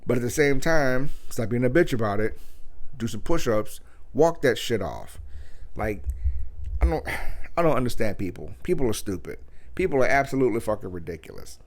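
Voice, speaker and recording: A man's voice: mid-range voice, animated, fairly quick. A man hosting his own show, giving a blunt, crude and sarcastic comedic rant. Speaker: podcast host.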